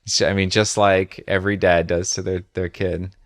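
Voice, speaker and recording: A man co-hosting a podcast, reacting to a comic story with animated, jokey asides. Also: low voice, moderate pace. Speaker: podcast co-host. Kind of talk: casual comic book discussion.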